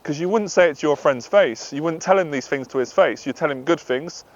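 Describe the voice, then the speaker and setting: A man's voice: fairly high pitch, a little fast. A man, a dating and anxiety coach, speaking earnestly and confessionally, sometimes acting out the voice in his head. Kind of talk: direct-to-camera monologue. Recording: slightly dull lo-fi audio.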